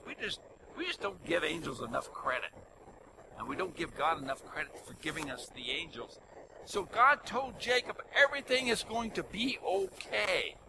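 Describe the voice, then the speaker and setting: An older man preaching a sermon, telling stories in an animated way that swings between loud emphasis and soft asides. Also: on the high side, background noise.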